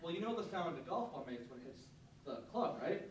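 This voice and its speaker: A man's voice: a little high, very animated, brisk. A young man doing a stand-up set, telling self-deprecating stories in a rambling, filler-heavy way, recorded live on a club stage. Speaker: stand-up comedian. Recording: very roomy live club audio, distant, loud background noise. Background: audience laughter.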